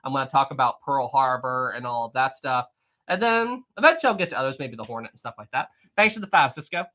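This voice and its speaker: A West Virginia man with a Southern US accent hosts a history livestream, reading viewer comments in a jokey, chatty way and laughing often. His medium-pitched voice has lively intonation and a sharp tone.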